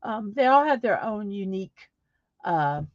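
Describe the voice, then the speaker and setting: A woman's voice: medium pitch, big pitch swings, unhurried, no room sound. Middle-aged woman, casual livestream chat, rambling with fillers, dry close sound, slightly dull audio. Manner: rambling, many fillers and restarts. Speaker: livestream host. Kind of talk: casual chat reading viewer comments.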